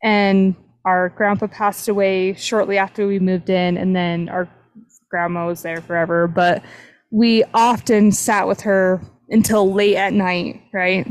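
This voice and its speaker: A woman's voice: medium pitch, fairly even intonation, a little slow, clean tone, no echo, rough recording. A young woman hosting a casual podcast, retelling a paranormal investigation with lots of fillers. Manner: chatty, retelling a paranormal story with many "like" fillers. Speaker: podcast host. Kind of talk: casual storytelling chat.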